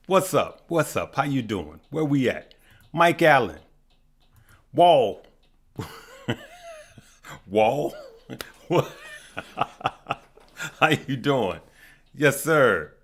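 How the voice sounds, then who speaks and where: A man hosting a casual stock market livestream, greeting viewers one by one by name. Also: mid-range voice. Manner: unhurried, shout-outs to viewers by name.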